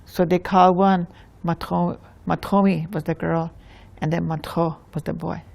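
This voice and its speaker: A woman with a Lakota accent telling a traditional tale in an unhurried way, often restarting phrases. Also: on the low side, level tone, gravelly, a little mellow. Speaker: storyteller. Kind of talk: oral storytelling.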